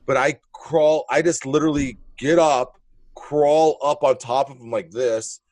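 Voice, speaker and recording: A man's voice: mid-range voice, measured pace, no room sound. Blunt, profane man telling a story. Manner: animated, blunt, profane storytelling with acted-out moments. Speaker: comedian guest. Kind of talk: casual storytelling.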